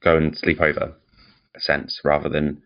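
A man's voice: extremely low pitch, completely flat delivery, measured pace, muffled recording. A young man co-hosting a podcast, bantering and joking in a playful way. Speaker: podcast co-host. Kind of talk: casual chat.

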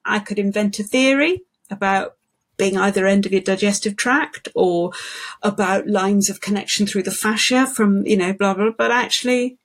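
A woman talks as an interview guest about her work with singers. Her voice has a gravelly, creaky texture and a medium pitch. She speaks thoughtfully and unhurriedly, restarting sentences as she tells her stories. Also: normal speed. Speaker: guest, singing voice specialist. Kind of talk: conversational interview.

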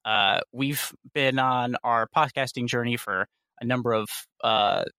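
A man's voice: mid-range voice, fairly even intonation, a little slow, pushed and bright, smooth, dry recording, clean studio sound. A man co-hosting a movie podcast, telling stories in casual chat with a laugh in his voice. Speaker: podcast co-host.

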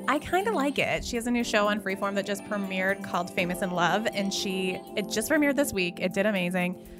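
A woman's voice: mid-range voice, lively intonation, brisk, music in the background. A woman entertainment reporter co-hosting a casual chat, gushing and enthusiastic.

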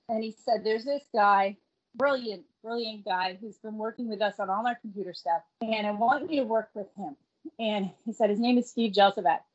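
A middle-aged woman telling a family story in a casual, animated way, acting out the quoted voices as she goes. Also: mid-range voice. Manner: animated, acts out the quoted voices, laughs between lines. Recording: dull lo-fi recording.

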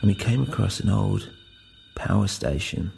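A man's voice: on the low side, lively intonation, moderate pace, creaky, darkish tone, husky, faint music behind. A man narrating a first-person audio drama in a brooding, introspective way.

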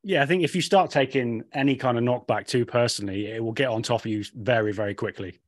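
A man's voice: mid-range voice, fast, no room sound, clean studio sound. A man hosting a podcast interview, chatty and enthusiastic with his guest. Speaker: podcast host. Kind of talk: casual interview chat.

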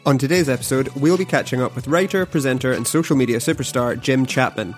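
A man hosting a podcast, reading a scripted intro, then chatting with a guest in a studio in a measured presenter voice. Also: medium pitch, faint music behind. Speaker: podcast host. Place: studio across a table. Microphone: headphones and studio mic.

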